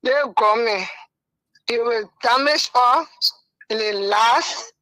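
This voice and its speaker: Lady caller, high sharp voice, fired up and rambling. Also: slow pace, no room sound, low-quality recording. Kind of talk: call-in radio talk.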